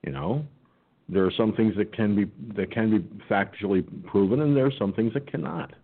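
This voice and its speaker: A man hosting an online talk radio show, talking in a folksy, halting way with many restarts. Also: lowish voice. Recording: phone-like lo-fi audio.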